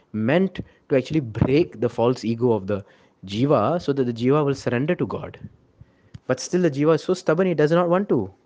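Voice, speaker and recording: A man, giving a sermon with a story, earnest and animated, often asking "right?". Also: medium pitch, lo-fi sound. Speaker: monk preacher.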